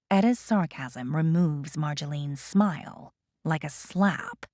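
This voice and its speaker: Lady reading an audiobook, slow and expressive, super dry close mic. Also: deep voice, no echo. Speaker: audiobook narrator. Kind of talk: scripted narration.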